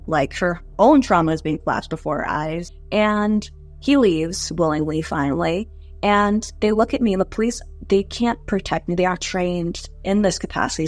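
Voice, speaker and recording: Lowish-voiced young woman telling her story. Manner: candid, conversational, many "like" fillers. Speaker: interview guest. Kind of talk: personal storytelling interview.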